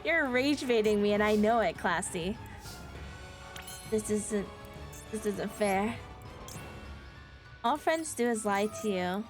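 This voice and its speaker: A woman's voice: mid-range voice, lively intonation, slow, pauses often, soft background music. A woman streaming a card game live, chatting with viewers in a playful, sarcastic way and laughing often. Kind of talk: casual live-stream chat while playing a card game.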